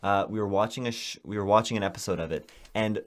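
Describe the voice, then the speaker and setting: A man's voice: lowish voice, quick pace. A young man co-hosting a podcast, telling a story in casual chat and laughing often. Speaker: podcast co-host.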